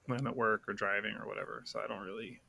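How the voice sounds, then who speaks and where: A man hosting a podcast, casually interviewing his guest and asking relaxed, curious follow-up questions. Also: fairly low pitch, racing, creaky, husky. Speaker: podcast host.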